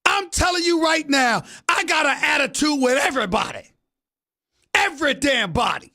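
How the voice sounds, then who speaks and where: A middle-aged man hosting a sports talk show in a studio booth, delivering an exasperated, shouting rant. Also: very high voice, expressive, normal speed. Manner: loud, exasperated ranting, shouting often. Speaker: show host. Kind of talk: ranting sports talk monologue.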